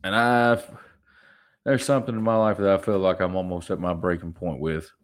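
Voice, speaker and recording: A man's voice: low-pitched, fairly even intonation, moderate pace. A young adult man hosting a solo podcast, ranting animatedly and mocking people in put-on voices. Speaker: podcast host.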